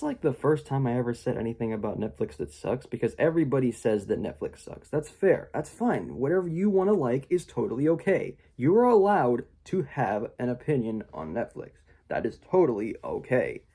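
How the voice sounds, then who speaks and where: A man's voice: mid-range voice, mellow. A young man giving a casual spoken movie review, rambling with many fillers and mocking quoted voices.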